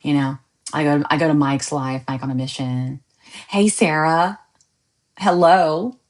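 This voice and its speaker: Speaking low and unhurried, a female podcast host hangs out with her livestream audience in a relaxed chat. She stays animated, cracking jokes in asides and laughing frequently.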